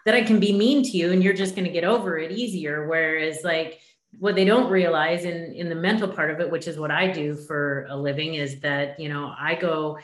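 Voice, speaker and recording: A woman's voice: low-pitched, normal speed, reverberant. A woman in her fifties hosting a podcast, asking earnest questions and affirming her guest. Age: 50s. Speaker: podcast host. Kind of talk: interview conversation.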